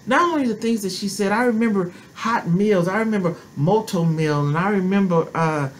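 Woman prophetess, a grandmother, middle-pitched, preaching in emphatic repeated phrases. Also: normal speed, a little hiss or hum, poor audio. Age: middle-aged or older, a grandmother. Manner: repetitive, emphatic preaching with exclamations. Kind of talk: sermon.

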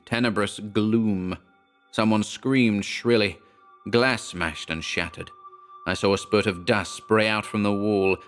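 A man narrating a horror story in the first person, measured and dramatic. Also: on the low side, clear, resonant tone. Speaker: audiobook narrator.

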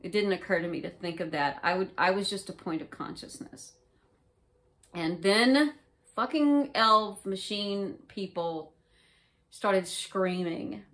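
A woman's voice: mid-range voice, slow pace, a bit bright. A woman vlogger casually recounting an experience in a rambling, profane way, full of fillers. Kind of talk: casual first-person recounting.

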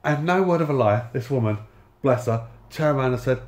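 A man's voice: medium pitch, a little fast, darkish tone, reverberant. A man in his thirties telling a personal story in a sardonic, sweary way, full of reported speech. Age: 30s. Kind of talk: casual storytelling monologue.

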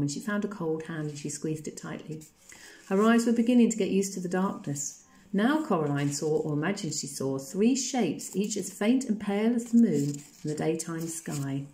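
A woman teacher reading a novel chapter aloud to a class, calm and expressive. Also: fairly low pitch, moderate pace.

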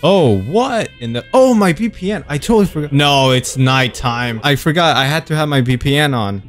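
A man's voice: on the high side, lively intonation, moderate pace, soft background music. A young man giving jumpy, cursing commentary while playing a horror game, rambling and poking fun at himself. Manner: jumpy, swears a lot, easily startled; rambling, self-mocking venting. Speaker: gaming video creator.

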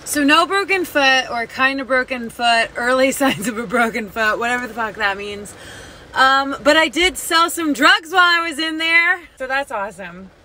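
Bright, profane young woman vlogging from her car. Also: sits high, animated, normal speed, slight background noise, rough recording. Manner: profane, chatty and self-mocking. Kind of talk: casual day-in-the-life vlog.

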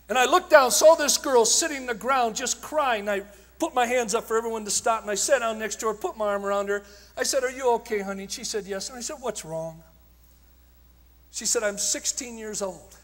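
A man preaching at a conference, telling stories with passion, shouting at times and dropping to a hush at others. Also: high-pitched. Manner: impassioned storytelling, swinging from shouts to hushed tones. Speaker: evangelist speaker. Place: large conference hall. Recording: long hall reverb.

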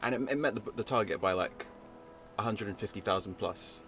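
A laid-back young man with a fairly low voice talks his friend through a game, explaining things patiently with lots of "like" and "um". Soft game music plays quietly underneath. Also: brisk. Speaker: co-host guiding the player. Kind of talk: casual explanatory chat.

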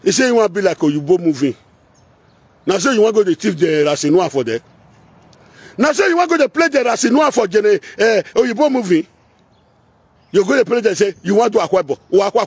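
Husky high-voiced man ranting in Pidgin. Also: a little mellow, no room sound. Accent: Nigerian Pidgin, Edo. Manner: confrontational, chanting, singsong repetitions. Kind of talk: heated rant mixing chant and speech.

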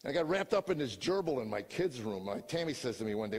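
An older man, a comedian, giving a personal testimony in a storytelling way, dropping to quiet talk and rising to shouts. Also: medium pitch, animated, a little fast, husky, in a large hall. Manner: storytelling, swings from hushed to shouting.

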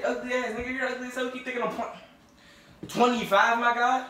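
Heated high-voiced young man trading insults. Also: little pitch movement, brisk. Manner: heated, profane, keeps hurling insults. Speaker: prank channel host. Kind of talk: heated casual banter. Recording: roomy, far from mic, faint noise.

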